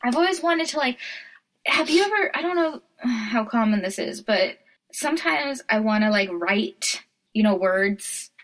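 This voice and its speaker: A woman's voice: a little high, lively intonation, unhurried, a bit bright. Giggly, playful woman chatting. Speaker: podcast co-host. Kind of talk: casual chat.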